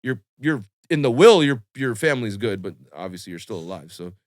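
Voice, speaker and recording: A young man telling a long personal story on a podcast in a casual, animated way, full of swearing and fillers. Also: mid-range voice, fairly quick, no echo, studio quality. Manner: animated, swearing, lots of fillers, acts out quotes.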